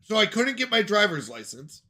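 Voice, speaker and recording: An American man chats casually on a gaming livestream, drifting from topic to topic as he replies to viewers. His voice sits high and sounds bright and forceful. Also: sing-song, moderate pace. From United States. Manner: rambling, answers chat questions aloud. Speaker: streamer.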